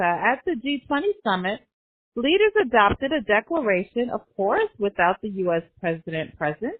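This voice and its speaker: A woman podcast host giving a comedic news roundup, sarcastic and laughing between jokes. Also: a little high. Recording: tinny phone-like sound.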